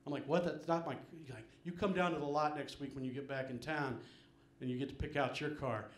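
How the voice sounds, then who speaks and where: Rambling stand-up comic, slightly high voice. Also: male voice, steady tone, a little fast, a little hiss or hum. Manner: rambling, self-deprecating, peppered with "man" and "um". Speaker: stand-up comedian. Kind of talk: live stand-up set. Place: small comedy venue with live audience.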